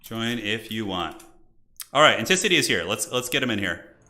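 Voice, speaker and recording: A young man casually commentating a live game stream, excitable and joking. His voice is bright and forceful, and his pitch swings a lot. He chats straight to his viewers. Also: moderate pace. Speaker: streamer hosting multiplayer matches.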